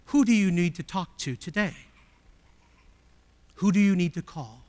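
A male pastor preaching a sermon emphatically, with many rhetorical questions, swinging from loud appeals to hushed tones. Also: high-pitched, animated, a little slow, long reverb tail.

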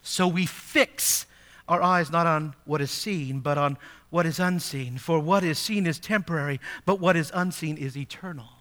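A man's voice: on the high side, moderate pace, a bit bright. A male pastor preaching a sermon, reading scripture aloud and asking the congregation rhetorical questions, rising to emphatic peaks.

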